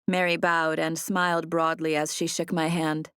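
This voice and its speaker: Woman with a low, even voice for a first-person audiobook; close, dry studio read. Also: moderate pace, clean tone, no room sound. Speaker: audiobook narrator. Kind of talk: scripted first-person narration. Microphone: close studio mic.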